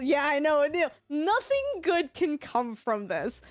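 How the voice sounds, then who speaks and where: A young woman tells a story to her stream, and she laughs often. Her voice sits high and swings widely. She talks slowly and lets her lines hang, and faint music plays behind her. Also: dry recording. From Canada. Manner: animated, laughs often while telling the story. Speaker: livestreamer. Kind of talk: casual storytelling chat.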